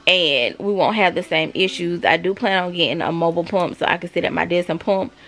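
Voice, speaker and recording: Gravelly-voiced mom chatting to camera. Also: female voice, on the low side, a little fast, a bit bright. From South Carolina, US. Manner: chatty, confiding, talks straight to viewers. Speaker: vlogger, mother. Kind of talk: casual chat to camera. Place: at home.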